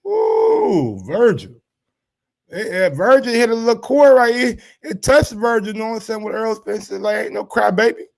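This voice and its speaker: Animated slangy man hosting boxing talk. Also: high-pitched, creaky. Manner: animated, slangy, quick reactions with drawn-out exclamations. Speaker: boxing commentary host. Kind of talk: casual commentary reacting to social media posts.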